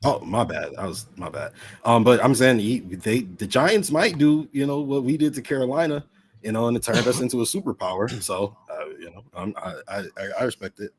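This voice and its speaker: A man's voice: mid-range voice, brisk, breathy edge. A man on a video call as a podcast guest, talking in rambling, emphatic casual chat. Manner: rambling, emphatic sports-fan talk.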